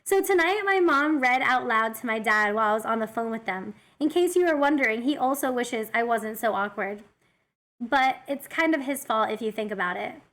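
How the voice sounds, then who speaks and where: Giggly high-voiced woman streamer. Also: normal speed. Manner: giggly and animated. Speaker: VTuber streamer. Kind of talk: reading Reddit posts aloud with commentary.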